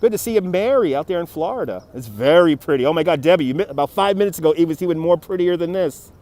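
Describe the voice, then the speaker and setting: New guy doing a live walking stream outside, bit of a higher voice, chatty, reads out comments, laughs a lot, phone mic. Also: lively intonation, fast talker, darkish tone. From New York City. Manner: chatty, greets viewers by name, laughs easily. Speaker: livestream host. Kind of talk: live walking-tour chat reading viewer comments. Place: outdoors on a city riverfront. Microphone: phone on a handheld gimbal.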